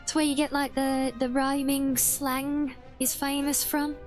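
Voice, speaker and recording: A young woman chats her way through a game on stream, her voice sitting high and her speech unhurried. She giggles between remarks and often restarts mid-sentence. Soft game music plays faintly underneath. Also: flat delivery. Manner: chatty and giggly, with frequent restarts and fillers. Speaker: streamer playing a video game. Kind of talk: casual livestream chat while gaming.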